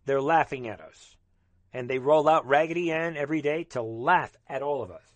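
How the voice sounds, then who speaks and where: A man with a somewhat high voice rants in a fervent monologue, rambling and calling out to his listeners again and again. His delivery is urgent and emphatic. The sound is dry, with no room echo. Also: normal speed. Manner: fervent, rambling, repeatedly addressing the audience. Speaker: commentator. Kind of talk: ranting political monologue.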